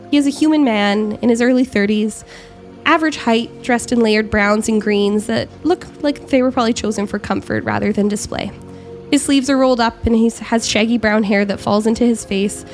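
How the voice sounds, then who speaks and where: A woman's voice: fairly high pitch, fairly quick, faint music behind. Woman narrating a tabletop game. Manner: descriptive, with frequent ums and self-corrections. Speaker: game master.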